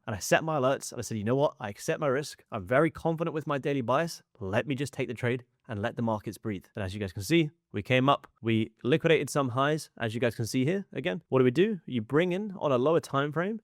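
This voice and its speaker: A man's voice: mid-range voice, no room sound, clean studio sound. A young man coaching as he walks through charts. He asks himself rhetorical questions, answers in short punchy repeats, and doubles up words for emphasis. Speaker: trading educator. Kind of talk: chart walkthrough lesson.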